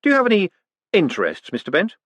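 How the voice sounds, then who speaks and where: A man voicing a smooth, quick-witted male con man who talks in a wry, teasing way. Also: high-pitched, huge pitch swings, fairly bright tone, no echo, pitched above the performer's own voice, exaggerated voice.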